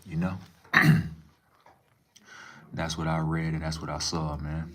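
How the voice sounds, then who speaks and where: A man's voice: a bass voice, steady tone, takes it slowly, noisy background. A young man live streaming, talking casually and reading chat aloud, laid-back and profane with lots of slang.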